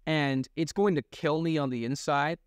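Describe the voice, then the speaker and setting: A man's voice: a little high, moderate pace, clean tone, no echo, studio quality. A young man and voice actor, co-hosting a casual comedic chat, rambling through stories and laughing often. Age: young adult. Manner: animated, laughing, rambling storyteller. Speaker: podcast co-host and voice actor.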